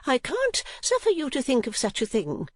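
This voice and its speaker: A man's voice: extremely high pitch, huge pitch swings, moderate pace, dry recording, pitched above the performer's own voice, heavily acted. A man reading an audiobook, voicing a fussy, talkative middle-aged mother in a raised, swooping voice. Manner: rambling, flustered, swooping. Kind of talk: audiobook character voice.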